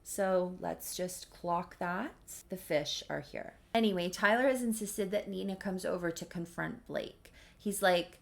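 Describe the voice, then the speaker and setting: A woman's voice: on the low side, lively intonation, moderate pace, gravelly, hardly any pauses. A woman casually narrating a life-simulation game story, chatty with wry asides.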